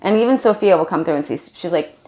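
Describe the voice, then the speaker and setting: A woman's voice: lowish voice, lively intonation, quick pace, warm tone. A woman telling a spiritual story to her viewers in a rambling, casual way, with many fillers and laughs. She says she is exhausted. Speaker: spiritual vlogger.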